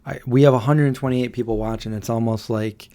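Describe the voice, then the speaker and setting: A man's voice: medium pitch, fairly even intonation, brisk, warm tone. A man in his thirties hosting a casual late-night livestream at home, chatting loosely and reading out viewer comments. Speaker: livestream host.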